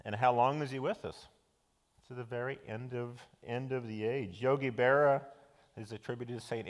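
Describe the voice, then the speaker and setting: A man's voice: mid-range voice, normal speed. A middle-aged male pastor giving a conversational sermon, with frequent fillers and restarts. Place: church. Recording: long church hall reverb.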